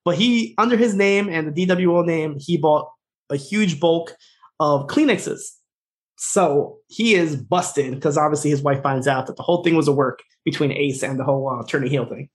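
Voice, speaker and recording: A man's voice: on the high side, normal speed. Chatty man recapping a TV episode. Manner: chatty, laughs often, acts out quotes. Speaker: podcast co-host.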